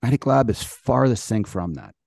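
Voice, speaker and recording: A man co-hosting a casual sports talk show, speaking close to the mic in a dead, dry room. He rants bluntly and emphatically, swearing freely, at a middle pitch. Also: very animated, moderate pace, vocal fry, darkish tone, dry recording. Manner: blunt, emphatic, profane ranting. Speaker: sports podcast co-host.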